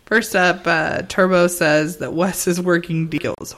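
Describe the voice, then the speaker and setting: A man co-hosting a podcast, recapping episodes in casual chat, animated, with frequent fillers and laughs. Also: sits high, slow. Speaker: podcast co-host.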